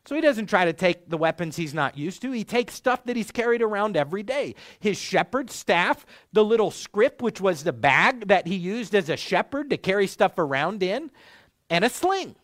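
High-voiced preacher teaching in a dry room. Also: male voice, dry recording. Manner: measured, clear teaching with lively inflection. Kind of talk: sermon.

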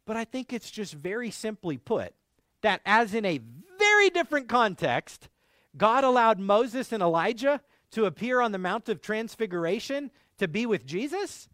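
A man preaching a sermon, retelling scripture with expressive delivery and quoting old English verses. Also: high voice, moderate pace, no room sound, clean studio sound. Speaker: pastor.

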